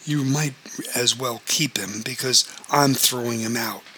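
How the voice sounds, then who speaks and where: A man reading as an enraged betrayed wife, bitter and accusing, each question snapping harder than the last, bright clear tone with a faint hiss behind it. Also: medium pitch, a little slow, rough recording. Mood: furious. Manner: accusing, bitter, sharpening to shouts. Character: furious betrayed wife confronting her cousin.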